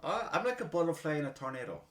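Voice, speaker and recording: A man with a slightly high voice fires off his words rapidly while hosting a casual podcast conversation. Profanity, animated self-mockery, and frequent laughter fill the talk, which carries a roomy echo.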